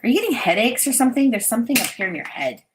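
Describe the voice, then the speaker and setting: A middle-aged woman hosting a live stream, chatting warmly and giving intuitive readings to viewers. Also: fairly high pitch, sing-song, very fast, background noise. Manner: bubbly, chatty, reads viewer comments aloud, laughs often. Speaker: intuitive reader and host.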